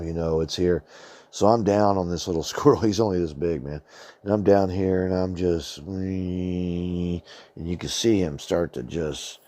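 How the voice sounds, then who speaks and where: Casting: middle-aged man, deep and mellow, loose rambling storyteller who swears a lot. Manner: rambling, colloquial, swears freely, says "man" often. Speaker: channel host. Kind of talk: casual storytelling monologue.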